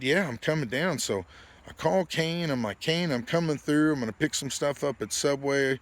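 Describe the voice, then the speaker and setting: A man, hosting and telling a funny story in a casual way, acting out his friends' lines in a raised, excited voice and laughing often. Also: mid-range voice, moderate pace, no echo. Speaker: podcast host.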